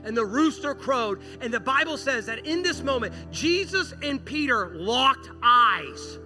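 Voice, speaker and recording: A man delivering a sermon with a notably high-pitched voice, telling the story with lively acted-out dialogue. Music plays clearly underneath him the whole time. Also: a little slow. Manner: animated storytelling, acting out quoted dialogue. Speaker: pastor. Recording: music playing behind.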